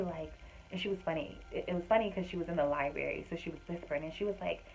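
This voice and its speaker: A woman with a low voice tells a personal story straight to camera. She sounds earnest and faith-filled. Her delivery is chatty and loose, with many fillers. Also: quick pace, darkish tone, rough recording. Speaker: vlogger and homemaker.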